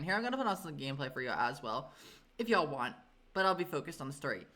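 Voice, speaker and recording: A woman's voice: low voice, animated, fast, fairly bright tone. A woman streamer telling a story in a casual, chatty way, swearing often and filling with "like" and "um".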